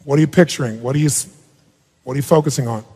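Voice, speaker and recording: A man coaching a participant on stage at a live seminar, firing rapid, blunt and sometimes profane questions at her and the crowd. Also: medium pitch, mellow, slightly rough. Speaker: self-help speaker coaching a participant on stage. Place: large auditorium. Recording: long reverb of a big hall.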